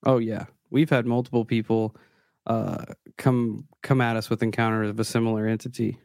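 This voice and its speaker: A man's voice: lowish voice, steady tone, moderate pace, creaky, darkish tone, dry recording, clean studio sound. A man hosting a paranormal call-in podcast, reacting to a caller in a laid-back way with sighs and casual swearing. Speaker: podcast host. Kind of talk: casual chat.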